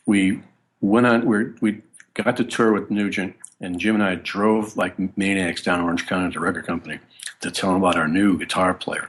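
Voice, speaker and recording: A man, a guest bassist, telling stories in a casual interview in a rambling, anecdotal way, often breaking off and restarting. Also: a bit bright.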